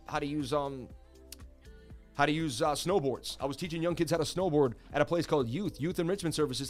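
An excitable streamer man telling a story. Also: fairly high pitch. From Boston area, US. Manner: excited, repetitive, talks to viewers directly. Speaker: crypto market streamer. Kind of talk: animated storytelling on a livestream.

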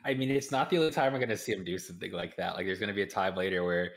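A man's voice: sits low, rapid-fire. A man co-hosting a podcast, recapping cartoon episodes in a laid-back way with casual swearing. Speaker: podcast co-host.

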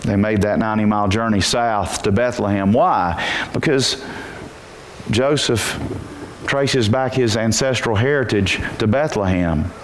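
A pastor preaching a sermon in church, telling the story with energy and moving from quiet asides to shouted peaks. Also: male voice, lowish voice, a little slow, slight background noise.

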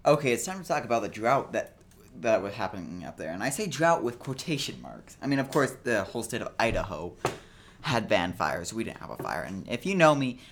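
A man's voice: fairly low pitch, big pitch swings, a little fast, slight background noise. A young man hosting a casual solo podcast, rambling and joking in a self-deprecating way, sounding a bit tired. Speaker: podcast host.

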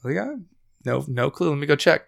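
A young man hosting a podcast, casually telling a story with plenty of swearing and a lively build to the scary parts. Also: a little high, quick pace, vocal fry. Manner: profane, animated when telling the scary parts. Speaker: podcast host.

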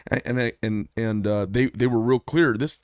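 A man hosting a casual political chat, agreeable and quick to finish his guest's points. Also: mid-range voice, no room sound, studio quality. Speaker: podcast host.

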